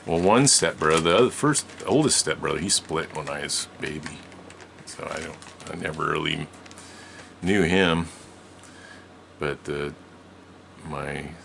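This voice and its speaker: Male storyteller, very low gravelly voice, casual and rambling with many self-corrections. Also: a bit bright, slight background noise.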